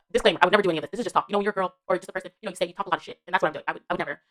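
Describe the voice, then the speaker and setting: A woman's voice: lowish voice, very fast, a bit bright. A woman giving a casual spoken TV show review as a vlogger. She rambles and gushes, fills her talk with slang and fillers, and laughs between remarks.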